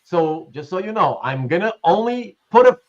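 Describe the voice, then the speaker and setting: A man hosting a live online sale speaks in a somewhat high, expressive voice at a moderate pace. Chatty and cheerful, he rambles, laughs often, reads viewers' names and chat aloud, and jokes with his guest, all over slightly dull, lo-fi stream audio.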